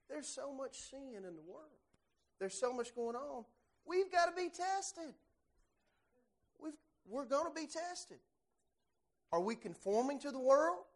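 High-voiced man teaching a Bible class. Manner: animated, questions the class directly.

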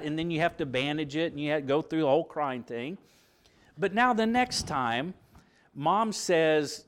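Middle-aged guy preaching a bible lesson, slightly high voice, swings up and down a lot, acts out little quotes. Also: moderate pace. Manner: animated, acts out quoted voices, asks rhetorical questions. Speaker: preacher teaching a Bible class. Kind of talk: sermon-style Bible lesson.

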